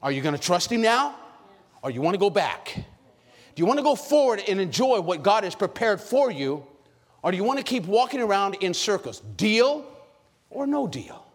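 A man preaching a sermon with lots of energy, calling out questions to the congregation and shouting at high points. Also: very animated, normal speed. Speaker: pastor. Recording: long hall reverb.

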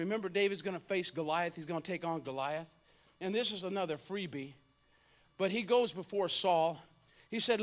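A man in his fifties preaching an energetic, comedic sermon, joking and acting out voices. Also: high voice. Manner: animated, jokey, acts out voices, shouts at times.

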